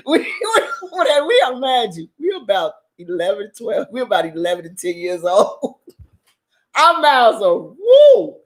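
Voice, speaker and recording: A woman, casually telling a story to her channel, profane and animated and often laughing. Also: sits high, slow pace. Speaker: channel host.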